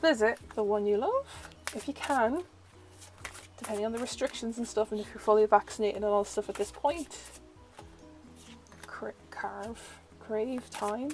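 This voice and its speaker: A woman's voice: on the high side, moderate pace, a little mellow, soft background music, rough recording. Chatty, easily delighted woman tarot reader. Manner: chatty, uses "like" a lot. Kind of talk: casual oracle deck flip-through.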